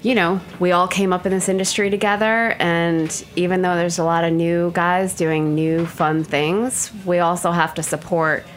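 Woman, low voice, bar owner, casual chat, lots of fillers, faint room noise. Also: steady tone, normal speed, few pauses. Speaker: bar owner and beer buyer.

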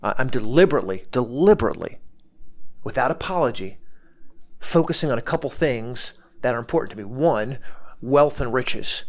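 A man's voice: medium pitch, lively intonation, normal speed. A man giving an earnest motivational talk, often repeating words and restarting his sentences. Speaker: motivational speaker.

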